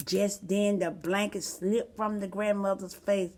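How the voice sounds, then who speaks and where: A woman reading a storybook aloud for children, expressive and asking the listener questions. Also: mid-range voice, unhurried.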